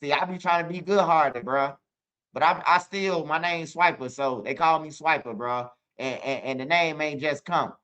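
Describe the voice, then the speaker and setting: A man's voice: on the high side, normal speed, bright, forceful tone, lo-fi sound. A man with a Chicago accent hosting his own channel, telling rambling, profane stories and talking straight to his viewers. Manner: profane, rambling, fills lines with "bro"; talks straight to viewers, asks for comments. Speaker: channel host. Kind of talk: casual storytelling monologue.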